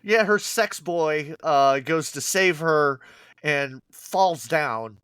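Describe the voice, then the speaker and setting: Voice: medium pitch, lively intonation, slow, a bit bright, clear, resonant tone, no echo. A podcast co-host animatedly retelling a bad movie's plot in casual chat, acting out the characters and swearing freely.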